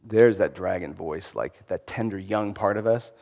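A man giving an informal sermon-style talk, reflective and conversational, often trailing into quieter phrases. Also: low-pitched, normal speed, vocal fry, in a large hall.

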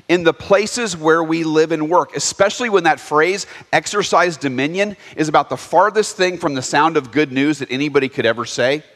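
A man giving a sermon, raising reflective questions one after another. His voice is slightly high and trails off in the long reverb of a large hall. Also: a bit bright. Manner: asks questions, reflective, deliberate. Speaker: preacher.

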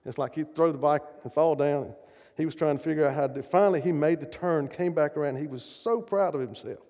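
A middle-aged man preaching with emphasis, throwing questions out to his listeners. His voice sits a little high yet sounds warm and mellow. Long reverb trails after him through a large hall. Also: quick pace. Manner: emphatic, asks the audience questions. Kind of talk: sermon.

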